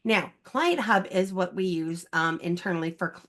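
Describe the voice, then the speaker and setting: A woman hosting an online workshop over a video call, explaining how she does things in a brisk, practical way. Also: on the low side, animated, fairly bright tone. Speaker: workshop host. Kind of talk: casual call talk.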